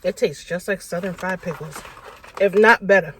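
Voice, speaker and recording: A woman food vlogger talking casually and excitedly between bites in an eating vlog, with slangy, chatty speech. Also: on the low side, moderate pace, a little hiss or hum. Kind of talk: mukbang eating vlog chat.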